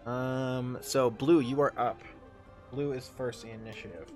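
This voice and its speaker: A man acting as game master for a tabletop game, talking in a middle-pitched, everyday voice. He hesitates often with fillers and apologizes as he sorts out turns, while faint music plays behind him. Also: steady tone, measured pace, darkish tone. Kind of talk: running a live-streamed tabletop game.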